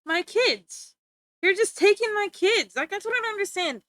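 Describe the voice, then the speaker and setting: A woman's voice: extremely high pitch, animated, normal speed, fairly bright tone, no room sound. A young woman streamer chatting playfully with her viewers, teasing and giggling as she talks. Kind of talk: casual chat with stream viewers.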